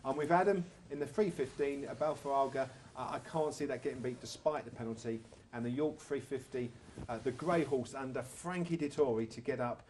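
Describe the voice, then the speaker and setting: A man's voice: medium pitch, a little fast, darkish tone, a little hiss or hum. A man hosting a horse racing show, hesitant and repeating words as he links segments. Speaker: host.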